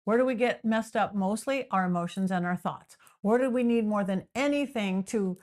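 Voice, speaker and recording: A woman talking as a podcast guest, explaining her ideas in animated, repetitive lists and sometimes acting out the voices of imagined people. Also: mid-range voice, normal speed. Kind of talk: explanatory interview talk.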